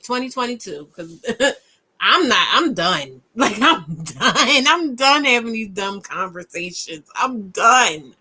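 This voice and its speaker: Animated, bright-voiced woman ranting. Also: measured pace. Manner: emphatic and ranting, with punchy repetition; animated, swinging from low mutters to loud high bursts. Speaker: podcast co-host. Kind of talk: casual chat.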